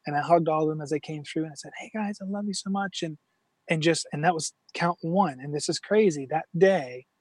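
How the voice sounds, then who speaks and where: A middle-aged man telling a personal story as a guest in an interview, earnest and halting, with many restarts. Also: fairly high pitch, no echo.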